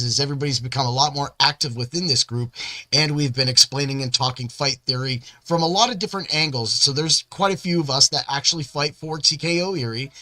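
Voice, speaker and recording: A male podcast host talks in a loose, rambling monologue full of boastful energy. His voice sits a little high and has a bright, forceful edge. The sound is dry and close, with no room echo. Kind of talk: casual hype-filled monologue.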